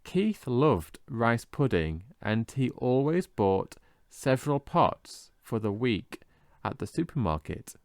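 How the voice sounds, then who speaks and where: A man teaching English vocabulary in a scripted lesson, slowly and carefully modelling how each word is pronounced. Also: mid-range voice, sing-song, darkish tone, dry recording, clean studio sound. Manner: slow, careful modelling of pronunciation.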